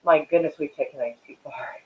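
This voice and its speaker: A man's voice: fairly high pitch, a little fast, rough recording. A man hosting a casual live stream and chatting with viewers, rambling and swearing while he smokes. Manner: rambling and profane, many fillers; smoking while talking.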